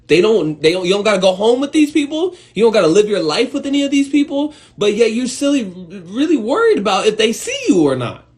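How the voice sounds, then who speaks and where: Man, fairly high voice, lively swooping delivery, casual profane motivational rant to camera. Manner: profane, animated, emphatic, talks to viewers directly. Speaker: host of an Instagram live talk. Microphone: phone.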